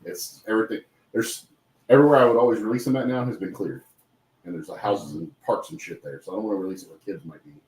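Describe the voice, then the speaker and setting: A man in his forties with a very deep voice who talks quickly. He tells his stories in a relaxed way, and the room adds a clear echo. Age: 40s. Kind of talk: casual chat. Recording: roomy echo.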